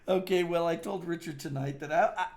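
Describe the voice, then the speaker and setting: A man's voice: on the high side, steady tone, fast, darkish tone, a little hiss or hum. A man hosting a comedic radio show, joking and laughing often as he talks.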